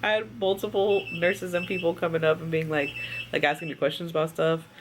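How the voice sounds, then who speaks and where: A woman's voice: low voice, little pitch movement, a little fast, background noise. A young woman vlogger, tired after surgery, telling a story in a chatty, rambling way with lots of fillers. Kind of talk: casual storytelling vlog.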